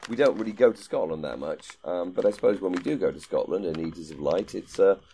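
A man with a very deep, dark, mellow voice co-hosts a podcast in loose, friendly chat. He rambles and thinks out loud, circling back with ums and restarted phrases as he works toward his point. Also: lively intonation, fast, slight background noise. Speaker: podcast co-host. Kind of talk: casual chat.

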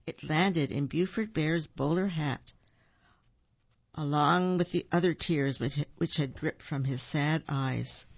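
A storybook reader reads a children's tale aloud and pauses with ums to explain words. The voice has a gravelly rasp. The recording is dull and dry, with no room echo. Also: medium pitch.

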